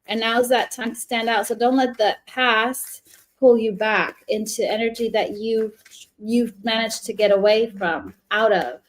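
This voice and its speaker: A woman's voice: fairly high pitch, steady tone, a little slow. A woman giving a casual live tarot reading, chatty and rambling, often restarting her sentences. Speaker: tarot reader.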